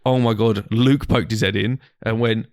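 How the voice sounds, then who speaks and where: A podcast co-host with a lowish voice tells a rambling anecdote at a normal pace, animated, swearing freely and acting out his friends' lines. The recording is dry and studio quality.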